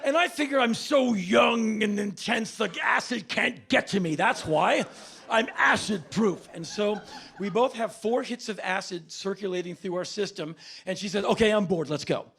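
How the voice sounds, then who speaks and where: A man in his fifties telling a stand-up story on stage, with a deadpan, politely mock-formal delivery. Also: high voice, moderate pace, vocal fry. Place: stage before a laughing audience.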